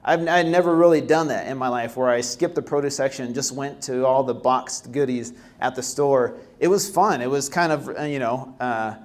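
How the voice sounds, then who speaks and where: A young man presenting at a healthy living workshop, casual and relaxed, with many fillers and restarts. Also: mid-range voice, moderate pace, hardly any pauses. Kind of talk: live presentation talk. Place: workshop room.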